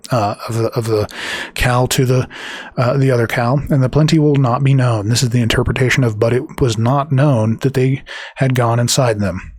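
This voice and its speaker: A man reading scripture aloud and explaining it, talking haltingly with many fillers and restarts, and reading the quoted passages quicker than his own remarks. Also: medium pitch, a little mellow, dry recording, clean studio sound. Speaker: Bible teacher.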